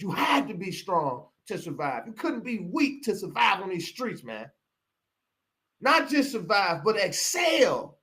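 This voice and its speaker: A man's voice: high-pitched, very animated, measured pace, sharp tone. A middle-aged man from Pontiac, hosting a live broadcast and delivering a heated, preachy rant that repeats phrases for emphasis. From Pontiac, Michigan. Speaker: show host.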